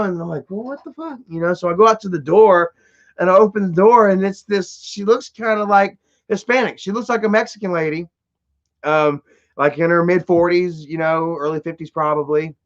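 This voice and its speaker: A man's voice: high voice, brisk, highs cut off. A man telling a story to his live stream chat in a casual, rambling way, full of fillers, restarts and swearing.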